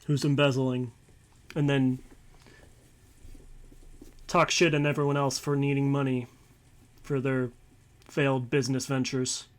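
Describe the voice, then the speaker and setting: A man's voice: mid-range voice, little pitch movement, measured pace, pauses often. A man streaming a visual novel, reading narration aloud and rambling casually with light swearing. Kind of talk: let's-play commentary and reading aloud.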